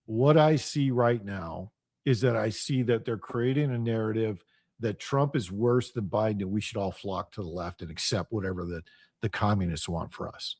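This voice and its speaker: A man's voice: lowish voice, normal speed, darkish tone, dry recording, clean studio sound. A middle-aged man hosting a radio show, delivering a heated, profane solo monologue with an intense, ranting manner.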